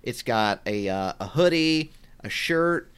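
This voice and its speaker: A man co-hosting a casual podcast, talking in a relaxed way with frequent ums and restarts. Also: mid-range voice, slow pace, clean tone. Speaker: podcast co-host. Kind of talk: casual chat.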